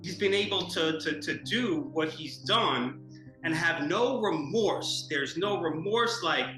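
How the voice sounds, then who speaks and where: A man's voice: on the high side, animated, slow pace. A man giving a documentary interview, talking indignantly and animatedly with lots of fillers. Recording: echoey room with music underneath.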